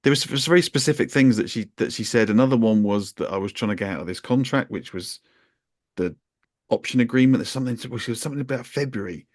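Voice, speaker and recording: A man's voice: medium pitch, fast, dry recording. Male podcast co-host; mid-range voice, chatty wry anecdote telling, dry studio sound. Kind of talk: casual storytelling chat.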